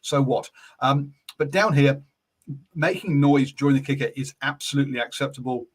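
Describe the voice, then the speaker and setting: A man's voice: mid-range voice, normal speed. A man with an English accent hosting a casual sports chat over an online call, talking loosely with many fillers and restarts. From England. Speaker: podcast host.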